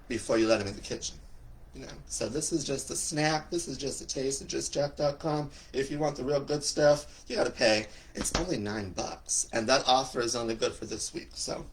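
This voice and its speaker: Campy, joking man hosting a livestream. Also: a little hiss or hum. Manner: campy, joking, greets viewers by name with big swoops up in pitch. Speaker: livestream host and coach. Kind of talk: casual livestream chat.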